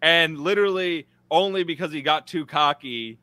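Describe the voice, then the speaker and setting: A man in a casual chat on a live stream, talking in an animated way, full of "like" and the odd swear word. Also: on the high side, normal speed, smooth, no echo. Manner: animated, heavy use of "like", swears.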